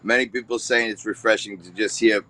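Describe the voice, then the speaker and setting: New York-accented man, low bright voice. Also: steady tone, a little fast. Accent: thick New York. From Staten Island, New York. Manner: easygoing, talks with many fillers. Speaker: guest, news show host. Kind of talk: interview answers.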